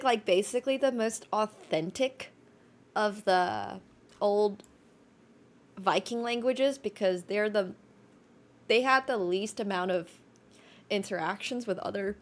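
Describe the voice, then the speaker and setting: Young woman streamer, gravelly edge, loose rambling chat with fillers. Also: medium pitch. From Finland. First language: Finnish. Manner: chatty, rambling, many restarts and fillers. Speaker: chess streamer.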